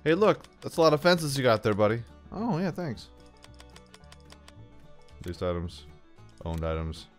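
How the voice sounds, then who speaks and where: A man's voice: medium pitch, sing-song, a little slow, long pauses, soft background music. Chatty man commenting on his game. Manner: chatty, talks to himself and the game, jokey asides. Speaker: gameplay commentator.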